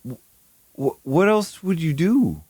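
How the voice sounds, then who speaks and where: Streaming live, a man reacts to a video with incredulous, profane commentary, stammering, swearing, and breaking into bursts of laughter. His fairly high voice is slow, sing-song, and a little mellow. A faint hiss or hum sits under the recording.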